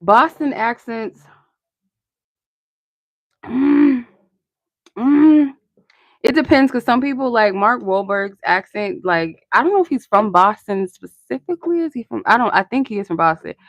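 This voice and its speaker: A woman's voice: a little high, animated, a little slow, pauses often, no room sound, highs cut off. A young woman hosting a live-stream tarot reading, chatty and rambling, answering her chat and laughing often.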